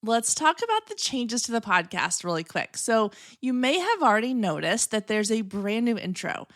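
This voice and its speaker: A woman's voice: fairly high pitch, very animated, normal speed, a bit bright, dry recording, studio quality. A woman in her thirties hosting her own podcast, talking in an upbeat, chatty way and admitting she can be long-winded. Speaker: podcast host. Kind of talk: solo podcast talk.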